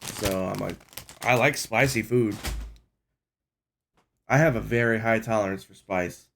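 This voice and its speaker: A man's voice: on the low side, unhurried, a bit bright, a little hiss or hum. A man streaming while sick, congested and nasal, chatting casually and rambling with a self-deprecating streak. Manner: rambling, self-deprecating, clears throat often. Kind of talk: casual live-stream chat.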